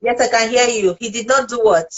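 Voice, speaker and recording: A woman's voice: a little high, brisk. Woman host chiming in on a call. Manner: brief interjections. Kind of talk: casual chat on a call. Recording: dull lo-fi call audio.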